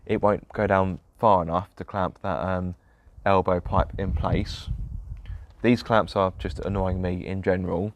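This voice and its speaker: A man's voice: low-pitched, steady tone, measured pace. A young man narrating his own car repair vlog, grumbling in a self-deprecating way about fiddly parts. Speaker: car vlogger. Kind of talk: casual DIY vlog narration.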